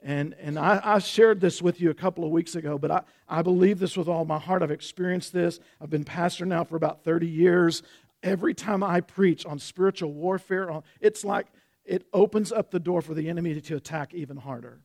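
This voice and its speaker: Folksy, gravelly pastor. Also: male voice, a little high, a little mellow. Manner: folksy, conversational, halting with restarts. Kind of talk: sermon.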